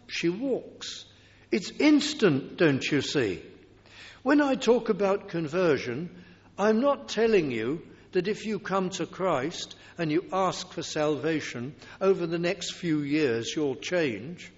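A man preaching a sermon in a deliberate, emphatic way, now and then acting out the voices of people in the story. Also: on the high side. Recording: dull recording in a large reverberant hall.

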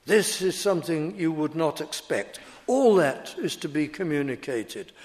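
A man preaching an expository sermon, deliberate and emphatic, leaning hard on key words. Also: fairly high pitch, animated, darkish tone. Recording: long reverb of a large hall.

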